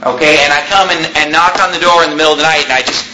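A man preaching a sermon as the pastor, raising his voice and shouting as he preaches. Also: on the high side, rapid-fire, reverberant, a little hiss or hum, poor audio.

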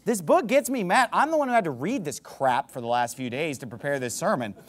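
A man delivers a heated sermon from the pulpit in a high voice. His pitch leaps and plunges as he drives his points home, and he often rises to a shout. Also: animated, brisk. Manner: impassioned, rising to shouts; says he is worked up. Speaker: pastor. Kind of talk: fiery sermon.

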